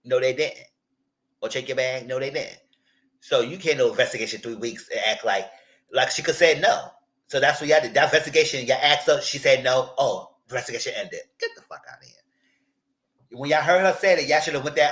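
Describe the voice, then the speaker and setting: A man in a live chat recapping a reality TV show, talking in an animated, outspoken way with lots of slang. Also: mid-range voice, fairly quick, rough recording. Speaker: reality TV commentator.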